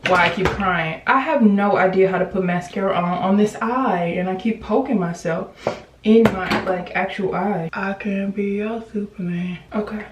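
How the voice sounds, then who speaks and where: A woman's voice: mid-range voice, normal speed, heavy background noise. A young woman chatting playfully through a makeup tutorial, rambling with side jokes. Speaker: beauty vlogger. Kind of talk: casual makeup tutorial chat. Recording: roomy, slightly distant.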